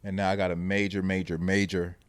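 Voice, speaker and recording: A man's voice: low voice, brisk, dry recording. A man hosting a podcast in casual chat, telling stories and acting out what people said. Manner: animated storyteller, acts out quotes. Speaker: podcast host.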